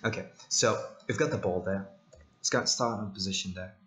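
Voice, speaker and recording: A man casually talking through a software tutorial, thinking aloud with many ums and side jokes. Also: deep voice, moderate pace. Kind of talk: casual screen-recorded tutorial.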